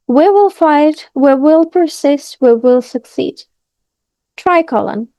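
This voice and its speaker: Female English teacher, mellow dark tone, dry close sound, reads examples aloud. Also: sits high, no room sound. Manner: reads vocabulary and example sentences aloud, pauses to comment. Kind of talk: language lesson.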